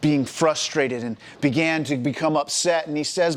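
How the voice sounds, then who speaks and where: A man preaching a sermon to a college ministry, retelling a scripture story in an animated, storytelling way. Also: fairly high pitch, normal speed, few pauses. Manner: animated storytelling, acting out the characters.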